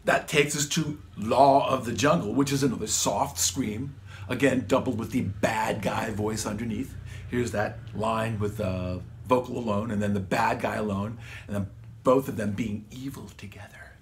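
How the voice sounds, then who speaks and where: Faint music plays behind a songwriter and guitarist as he casually describes recording his vocals in his home studio, rambling and using slang like "man" and "dude." His fairly low voice keeps a fairly even intonation at a normal speed.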